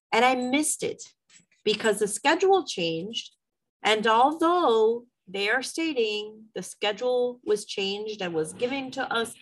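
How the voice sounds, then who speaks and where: A woman's voice: fairly high pitch, a bit bright, low-quality recording. A middle-aged woman, a mother, telling a personal story in a candid, emotional, venting way with some swearing.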